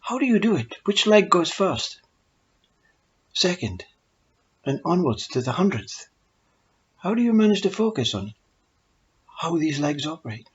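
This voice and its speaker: A man's voice: fairly high pitch, sing-song, a little slow, pauses often, voice pushed up. A man doing a curious chatty frog. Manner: eager, inquisitive questioning. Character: curious talkative male frog, friendly. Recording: dull lo-fi recording.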